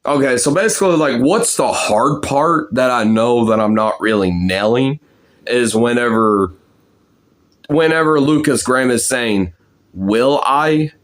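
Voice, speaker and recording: A young man talks through his voice practice in a loose, rambling way, full of fillers and false starts. His voice sits on the low side. He sounds like he is casually chatting to his viewers. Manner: rambling, many fillers and restarts. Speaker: amateur voice impressionist.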